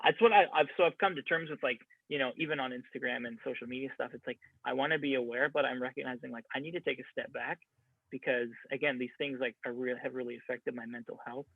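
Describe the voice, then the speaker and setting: A man's voice: medium pitch, fairly even intonation, quick pace, creaky, no room sound. A man in a casual podcast conversation, talking in a reflective, rambling way with many restarts. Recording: dry, phone-like narrow sound.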